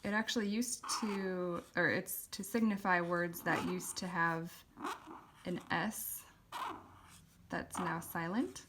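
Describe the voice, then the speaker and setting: A woman calmly teaching a calligraphy lesson, explaining step by step with occasional ums while she writes. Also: on the low side, slow pace, noisy background. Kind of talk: instructional voice-over while writing.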